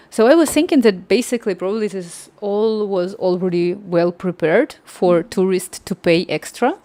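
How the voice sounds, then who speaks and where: Woman, livestream host, casual anecdote, lively retelling, dry room. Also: mid-range voice, normal speed, few pauses, no echo. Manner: animated, acts out quoted dialogue. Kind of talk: casual storytelling.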